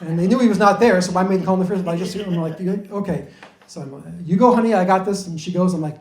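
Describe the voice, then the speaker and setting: A man's voice: sits high, fast talker, a little mellow, echoey room. A man in his forties performing a stand-up comedy set as a bumbling, self-deprecating storyteller.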